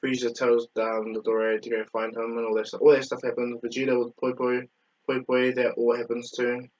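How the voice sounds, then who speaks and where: A man's voice: medium pitch, monotone, brisk, a little mellow, muffled recording. A man casually retelling a fan story, rambling with many fillers and self-corrections.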